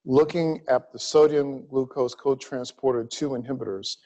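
A middle-aged man from Louisiana giving a grand rounds medical lecture, emphatic and deliberate in his pacing. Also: mid-range voice, darkish tone, rough recording. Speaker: cardiology lecturer.

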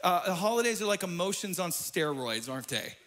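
High, bright-voiced animated pastor. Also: male voice, brisk, soft background music. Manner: animated, swings from soft asides to loud exclamations. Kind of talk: energetic sermon. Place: church.

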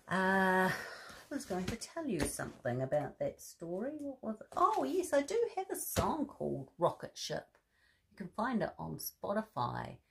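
A woman reading a bedtime story to children, animated and asking the listener questions. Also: low-pitched, creaky.

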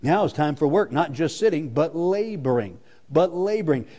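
A man's voice: fairly high pitch, expressive, normal speed, warm tone. A male pastor preaching a sermon with emphasis, repeating his key lines.

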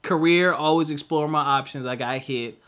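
A young adult man co-hosting a podcast, venting candidly in casual chat and trailing off into quiet mutters. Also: on the high side, moderate pace. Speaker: podcast co-host.

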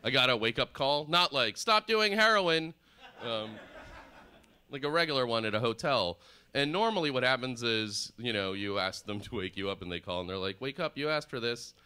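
A man in his thirties, from the former Soviet Union, doing deadpan, rambling stand-up comedy on stage at a live show. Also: medium pitch, a little fast, clean tone. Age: 30s. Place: live performance space on stage.

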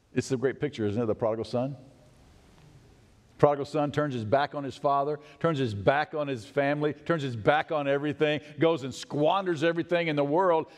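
A male pastor delivers a sermon with a lively, rising and falling pitch that sits a little above the usual. He swings from loud declarations to hushed asides. His voice rings with the long reverb of a church sanctuary. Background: congregation responses.

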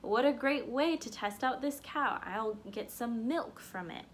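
A woman's voice: a little high, a little slow, slight background noise, close to an everyday voice. A woman voicing a naive, cheerful young peasant man in a told folktale. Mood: eager. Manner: eager, easily swayed.

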